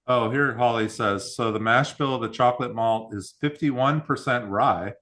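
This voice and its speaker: A man's voice: medium pitch, moderate pace. A man hosting a whiskey club tasting, chatting casually and reading out mash bills and proofs. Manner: relaxed, reads out mash bills and tasting notes.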